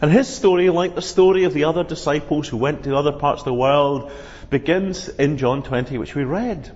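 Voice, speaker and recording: A man preaching a sermon, telling the Easter story in an earnest, measured way. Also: on the high side, darkish tone. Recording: dull, reverberant hall sound.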